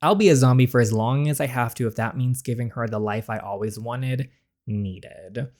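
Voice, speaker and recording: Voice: medium pitch, normal speed, a little mellow, close to an everyday voice. Tired young Southern baker, read by a game streamer, earnest and plain, game story. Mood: weary. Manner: earnest first-person storybook reading.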